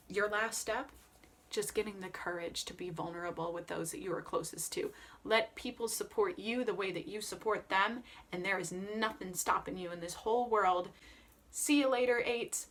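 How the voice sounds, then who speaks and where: A woman chatting casually as an Enneagram coach, animated and emphatic, with playful jokey asides. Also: medium pitch, moderate pace. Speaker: Enneagram coach and opera vlogger. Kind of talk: casual vlog chat.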